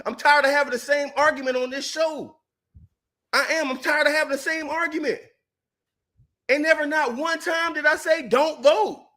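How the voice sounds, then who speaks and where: A man with a very high, piercing bright voice tears into a heated political rant. He swears freely and his anger keeps rising into shouts. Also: steady tone, moderate pace. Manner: angry, profane, shouting at times. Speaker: co-host.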